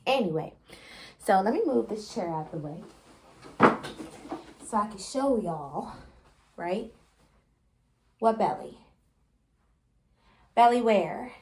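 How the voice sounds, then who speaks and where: A woman's voice: fairly low pitch, expressive, measured pace, pauses often, a little mellow. A pregnant woman, chatting animatedly with viewers in a casual storytelling vlog and laughing often. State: pregnant, briefly out of breath. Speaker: vlogger.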